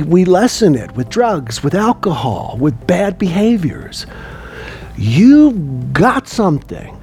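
A man, lecturing a class and quizzing the room with lively, emphatic delivery. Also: high-pitched. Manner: lively, asks the room questions. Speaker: teacher.

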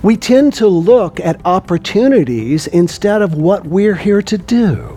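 A man, lecturing a class and quizzing the room with lively, emphatic delivery. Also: high-pitched, measured pace, hardly any pauses. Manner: lively, asks the room questions. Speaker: teacher.

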